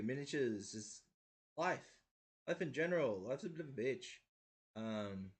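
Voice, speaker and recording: A man in his thirties with a slight Maori accent, mostly in his R's, chatting casually as the host of a painting livestream, rambling and chuckling as he goes. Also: mid-range voice. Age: 30s. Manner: rambling, self-correcting, chuckling often. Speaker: host of a miniature painting stream.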